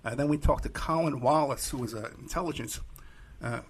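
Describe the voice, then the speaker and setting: A man's voice: mid-range voice, brisk, breathy edge. A man hosting a podcast interview, talking casually and loosely with many fillers. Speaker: host.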